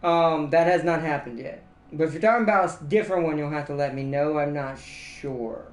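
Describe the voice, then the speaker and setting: A man's voice: a little high, fairly quick, roomy sound. A man streaming casual chat who rambles and laughs often at his own jokes.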